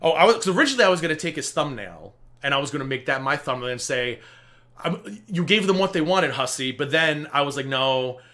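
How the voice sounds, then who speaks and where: A man hosting a livestream, chatting casually and telling stories in an animated, profane way. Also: fairly high pitch, brisk. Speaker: livestream host. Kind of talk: casual chat.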